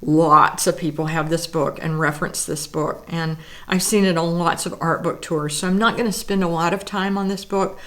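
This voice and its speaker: A woman's voice: lowish voice, fairly even intonation, normal speed, hardly any pauses, fairly bright tone. A woman artist talking through her art book collection, gushing with admiration and audibly teary, lingering on words of praise. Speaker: artist and vlogger. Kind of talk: casual show-and-tell of art books.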